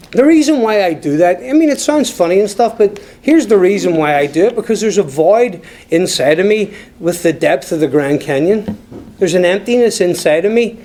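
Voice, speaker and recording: A man's voice: fairly high pitch, a little mellow. An Irish man speaking at a recovery meeting, telling his own story to the room and talking straight to the people listening. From Ireland. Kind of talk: personal story told to a group.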